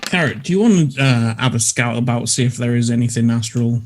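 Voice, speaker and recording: Hesitant player, faint hiss. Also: male voice, medium pitch, steady tone, a little fast. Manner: hesitant, restarts phrases. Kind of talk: casual tabletop play.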